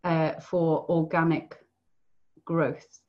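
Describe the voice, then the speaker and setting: British woman, podcast guest; low-set, gentle voice, thoughtful, mildly muffled audio. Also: little pitch movement, extremely slow, a crowd in the background. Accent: British English. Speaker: podcast guest, equine coach. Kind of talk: conversational interview.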